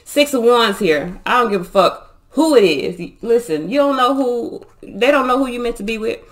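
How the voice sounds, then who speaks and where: A woman's voice: fairly high pitch, lively intonation, normal speed. A woman reads tarot cards for her viewers in a loose, casual way. She talks bluntly, swears freely and gets emphatic when she makes a point. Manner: blunt, profane, fired-up and emphatic. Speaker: tarot reader.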